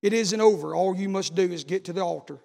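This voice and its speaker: A man preaching a sermon, swinging between loud exhortation and low, quiet appeals. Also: fast talker, creaky, in a large hall.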